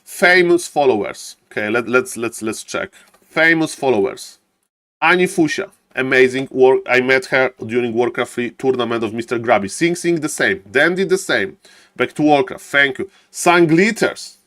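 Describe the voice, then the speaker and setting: A man's voice: mid-range voice, dry recording. Non-native male esports caster, showman patter with chat asides; dry, close sound. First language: not English. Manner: showman-like, keeps repeating "ladies and gentlemen"; chatty, greets viewers and jokes with chat. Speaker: streamer and game caster. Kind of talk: live esports commentary.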